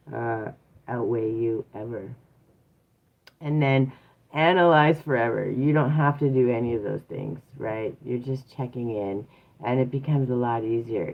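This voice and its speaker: A personal growth coach giving a casual live-streamed teaching talk, earnest and repetitive, with lots of fillers and asides to viewers. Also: mid-range voice. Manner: earnest, repeats points, many fillers, chats with viewers. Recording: tinny phone-like sound.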